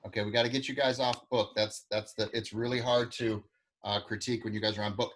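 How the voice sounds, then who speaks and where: A man's voice: lowish voice, flat delivery, fast talker, fairly bright tone. A man teaching an online acting class over a video call, giving direct, encouraging feedback and practical tips to his students. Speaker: acting coach.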